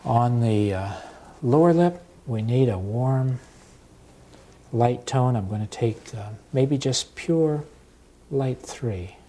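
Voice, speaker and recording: Slow, calm male painting instructor. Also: medium pitch. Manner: slow, unhurried and calm, with pauses while working. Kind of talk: step-by-step painting demonstration.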